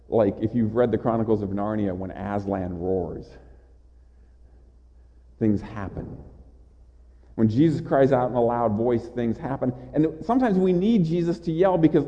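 A man preaching a sermon in an earnest way, with small stammered restarts and rhetorical questions. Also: medium pitch. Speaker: pastor. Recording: dull audio with long hall reverb.

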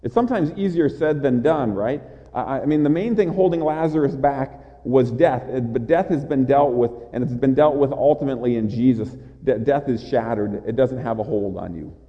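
A man's voice: mid-range voice, moderate pace, hardly any pauses. A man preaching a sermon in an earnest way, with small stammered restarts and rhetorical questions. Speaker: pastor. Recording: dull audio with long hall reverb.

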